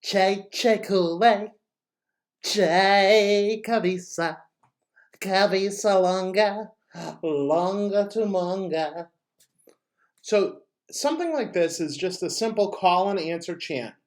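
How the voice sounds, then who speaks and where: A man teaching drama, giving upbeat classroom instructions and leading call-and-answer chants. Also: fairly high pitch.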